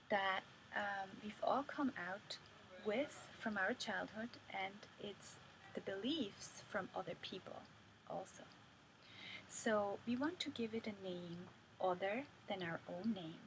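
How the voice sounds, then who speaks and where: Slow-talking woman teaching a lesson. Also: medium pitch. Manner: slow, earnest, with small restarts. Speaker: creativity course teacher. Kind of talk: guided lesson with exercises. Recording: background noise.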